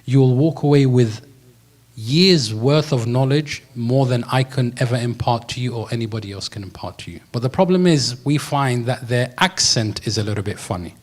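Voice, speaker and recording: A man's voice: medium pitch, normal speed. Man preaching a story-driven sermon. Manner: lively storyteller, slips into slangy voices for quoted characters.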